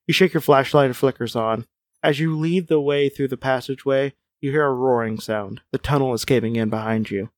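A man's voice: mid-range voice, fairly quick, no echo, clean studio sound. A man reading a gamebook aloud as a podcast co-host, with wry asides and chuckles. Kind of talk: casual chat and read-aloud narration.

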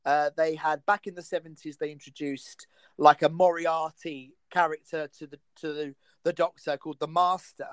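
A man's voice: a little high, steady tone, moderate pace, fairly bright tone, clean tone, no room sound. A man hosting a podcast in casual chat, emphatic and enthusiastic, laughing often. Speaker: podcast host.

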